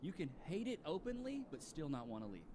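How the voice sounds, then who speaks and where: A man's voice: on the high side, wildly swooping pitch, fairly quick, noisy background. A man giving casual, slangy reaction commentary on videos and chuckling between remarks. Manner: laid-back slangy, chuckles often.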